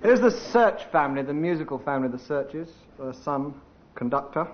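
A man's voice: a little high, animated, normal speed. A man on a comedy panel, announcing made-up guests with puns. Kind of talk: improvised radio comedy. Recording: lo-fi radio recording with hiss.

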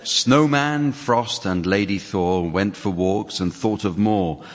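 A man's voice: fairly low pitch, takes it slowly. A man hosting a comedy panel game in front of a studio audience, reading out rhymes with dry, mock-serious delivery. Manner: dry, mock-serious delivery, chuckles at his own jokes. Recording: audience hall recording, crowd noise.

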